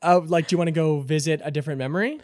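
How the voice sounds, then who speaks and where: A man's voice: a little high, racing, darkish tone, no room sound. A man narrating as game master in a tabletop role-playing game, loose and full of fillers.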